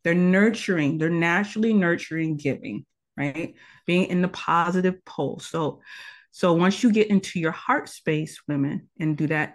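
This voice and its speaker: A woman teaching tantra as a guest in a conversational interview, earnest and instructive, laying out her advice as numbered tips. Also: low voice.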